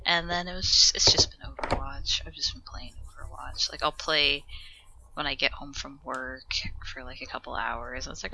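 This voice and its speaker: A woman's voice: rumbling low, fairly even intonation, moderate pace, vocal fry, sharp tone, slight background noise, low-quality recording. A woman co-hosting a casual podcast, telling rambling, giggly stories about her games. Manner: rambling, giggly gamer storytelling. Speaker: podcast co-host.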